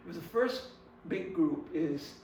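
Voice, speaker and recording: A man giving a heartfelt instructional talk on grief, earnest and personal, swinging between emphatic stresses and quiet passages. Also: on the high side, expressive, slow, reverberant, far from the mic, slight background noise, low-quality recording. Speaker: grief support presenter.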